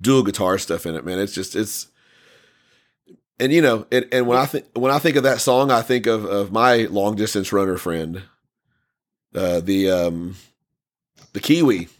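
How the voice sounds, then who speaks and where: A man's voice: lowish voice, normal speed, long pauses. A man hosting a casual podcast chat, running a song vote, who rambles with many fillers and restarts.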